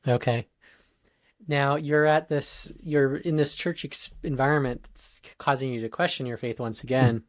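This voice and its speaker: A man's voice: medium pitch, steady tone, moderate pace, no room sound, clean studio sound. A male podcast host asking reflective, probing interview questions.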